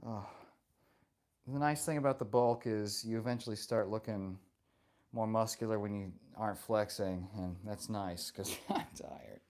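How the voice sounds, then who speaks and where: A man's voice: fairly low pitch, fairly even intonation, measured pace, darkish tone. A man hosting a casual live stream, reading viewer comments aloud and answering them in a playful, joking and affectionate way.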